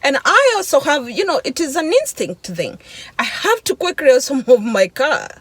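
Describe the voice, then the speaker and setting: A woman vlogger telling an emotional personal testimony, halting and searching for words, with sighs and restarts. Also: high-pitched, sing-song, fairly bright tone, no echo, rough recording. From Africa.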